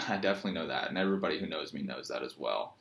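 A man with a Virginian accent and a very low voice talks straight to his viewers in a loose, meandering monologue. He drifts between stories and deadpan jokes, poking fun at himself along the way. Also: racing, vocal fry. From Virginia, USA. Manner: joking, meandering, self-mocking storyteller. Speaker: yoga teacher and vlogger. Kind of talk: rambling casual monologue.

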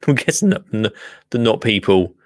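A man's voice: lowish voice, very animated, unhurried, no echo, clean studio sound. A man chatting casually as he reacts to a gardening clip, jokey and rambling with many asides. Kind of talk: casual chat commentary.

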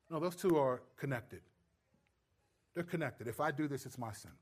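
A man with a notably high voice delivers a sermon, teaching verse by verse. His delivery is animated and playful, and he slips into little acted-out exchanges to drive home his point. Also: normal speed. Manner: animated, acts out quoted voices with humor. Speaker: preacher.

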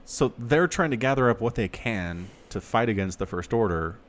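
A man co-hosting a podcast, in casual, animated chat with sarcastic asides. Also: on the low side, moderate pace, a little hiss or hum. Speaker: podcast co-host.

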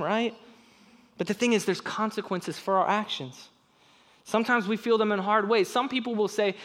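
High-voiced young man preaching. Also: a bit bright. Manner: earnest, conversational preaching with quick asides. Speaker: pastor. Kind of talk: sermon.

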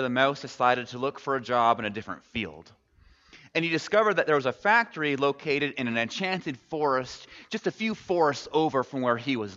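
In a church, a man tells a story with expressive energy, then reflects on it as part of his sermon. His mid-range voice sounds pushed and bright, and the dull recording carries a long hall reverb.

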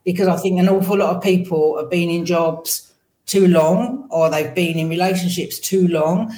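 An English woman answering interview questions as a podcast guest over a video call, with thoughtful, halting phrasing. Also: lowish voice, dark tone, echoey room, low-quality recording. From England. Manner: thoughtful, many restarts and fillers.

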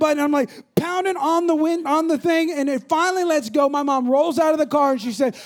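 A man preaching a sermon to a congregation, telling funny stories and acting out voices in an animated way. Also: very high voice, normal speed, few pauses. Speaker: pastor. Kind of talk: sermon with storytelling.

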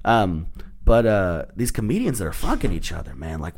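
A stand-up comedian from Texas, appearing as a podcast guest, tells stories in a loose, profane, laughing, animated way. His voice is lowish and creaky, at a moderate pace.

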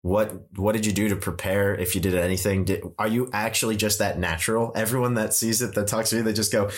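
A man's voice: fairly low pitch, fairly even intonation, fast talker. A man in his twenties hosting a casual chat as a filmmaker, laid-back, saying "man" and "like" a lot and swearing casually.

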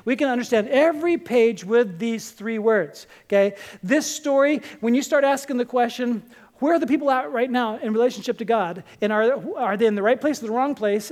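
Lively pastor preaching with playful asides. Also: mid-range voice. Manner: lively, repeats key phrases, joking asides. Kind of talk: sermon.

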